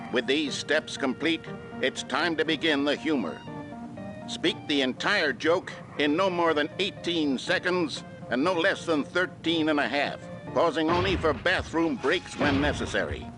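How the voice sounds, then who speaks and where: A man's voice: fairly high pitch, lightly acted. A man voicing an upbeat, mock-authoritative narrator of an old instructional video. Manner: brisk, cheery, mock-authoritative. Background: music.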